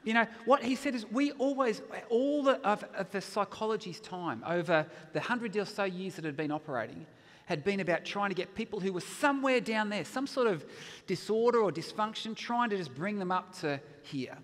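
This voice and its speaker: A man giving a storytelling chapel talk at a university chapel, animated and acting out the people he quotes. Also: sits high, moderate pace. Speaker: chapel speaker. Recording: long hall reverb in a chapel.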